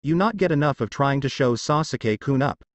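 A man's voice: mid-range voice, animated, brisk, dry recording, lo-fi sound, close to an everyday voice. A man voicing a scornful, angry teenage girl ninja in a fanfiction reading.

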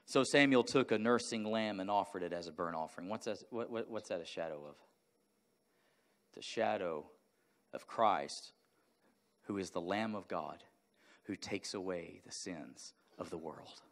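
A male pastor preaching a sermon, moving from a quiet personal story into loud, fervent exhortation to the congregation. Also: low voice, normal speed. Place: church sanctuary.

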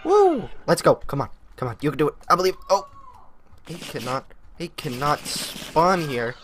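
A young man giving excitable let's-play commentary on a modded game, talking to the animals on screen. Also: fairly high pitch, normal speed. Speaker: gaming youtuber.

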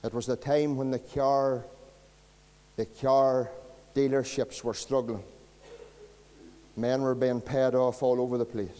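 A man with a Northern Irish accent preaches a sermon as pastor, with a folksy, storytelling delivery. His voice sits at a middling pitch. The sound carries a long church reverb. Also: flat delivery, unhurried, pauses often, dark tone.

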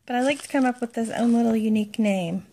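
A woman's voice: fairly high pitch, quick pace, warm tone. A woman vlogging casually as she unboxes a gift, gushing and baby-talking to her pets.

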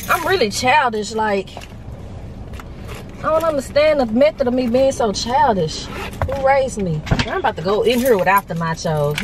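A young woman vlogging casually, talking to viewers in an animated, slangy, joking way, first from a car and then outdoors on a hill. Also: fairly high pitch, a little hiss or hum, low-quality recording.

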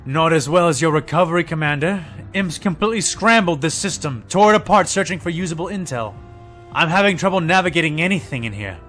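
A man's voice: on the high side, fairly quick, a bit bright, soft background music, lightly acted. A man voicing a defensive male cyborg clone soldier who talks through clenched teeth. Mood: hurried, focused.

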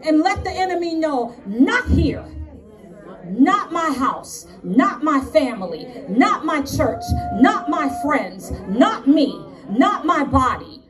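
A woman's voice: sits high, big pitch swings, slow pace, a bit bright, distant mic, some chatter behind. A woman with a New York accent preaching and praying at a conference, piling up emphatic repeated lines. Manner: fervent, repetitive emphatic lists. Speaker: conference speaker. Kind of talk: preaching and prayer. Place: conference hall.

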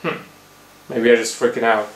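A man's voice: medium pitch, fairly even intonation, moderate pace, echoey room, slight background noise. A man acting out a comedy sketch, talking to himself in a theatrical, exclaiming way with swearing.

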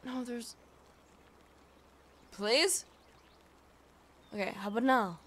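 A woman's voice: on the high side, animated, takes it slowly, pauses often, a bit bright, slight background noise. A woman streaming a game live, chatting casually, swearing freely and talking back to the game and her chat.

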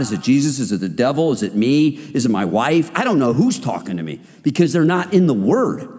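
Lively man preaching to a men's group. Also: high-pitched. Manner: animated and conversational, acts out quotes. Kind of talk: sermon-style talk. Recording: reverberant hall.

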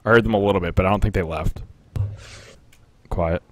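A man's voice: sits low, fairly quick, no room sound. A young man chatting casually while streaming a game, rambling and laughing often. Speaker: streamer playing a battle royale game. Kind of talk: casual live-stream commentary.

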